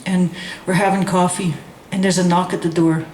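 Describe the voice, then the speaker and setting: A woman telling a personal story in a lively, animated way, acting out the voices of others with laughter. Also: on the low side, normal speed, echoey room, a little hiss or hum. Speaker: guest storyteller. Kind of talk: casual storytelling.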